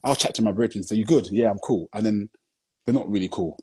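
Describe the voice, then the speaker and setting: On a phone-recorded live video chat, a guest film director tells his story with earnest intensity, his speech full of "you know what I'm saying" as he asks if you follow. He talks fast, in a low, dark voice with a breathy edge.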